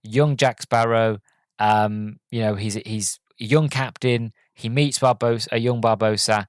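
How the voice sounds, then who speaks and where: A man's voice: fairly low pitch, fairly even intonation, measured pace, no echo, clean studio sound. A man hosting a podcast, giving a casual spoken film review. He rambles with many fillers and restarts, and he sounds deflated and let down.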